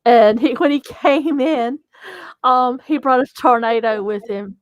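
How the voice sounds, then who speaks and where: A woman's voice: on the high side, a little slow, dry recording, muffled recording. A woman, a company co-founder telling a chatty, giggly story in an interview.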